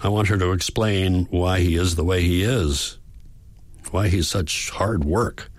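A man reading a first-person audiobook in a measured, reflective way. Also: low voice, steady tone, no room sound. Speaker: audiobook narrator.

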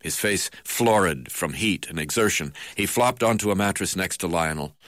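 A man narrating a memoir in the first person, halting now and then with "uh" fillers. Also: sits low, a bit bright, no room sound, studio quality.

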